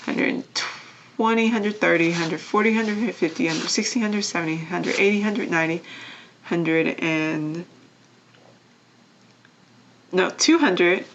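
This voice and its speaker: A young woman vlogger chatting casually as she counts cash into envelopes, often dropping to a soft murmur. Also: fairly low pitch, slow, pauses often, highs cut off, noisy background. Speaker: vlogger doing budgeting videos.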